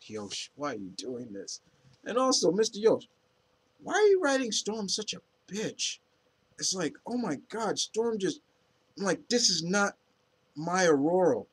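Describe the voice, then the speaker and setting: A man's voice: fairly high pitch, husky. A man giving a casual spoken review of comics in a rambling, opinionated, fan-like way.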